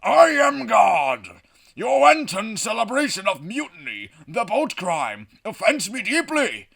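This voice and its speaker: A man voicing a wrathful male God who booms down from the sky in a comedy game reading, with thundering, indignant proclamations. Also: huge pitch swings, takes it slowly, vocal fry, fairly bright tone, full character voice.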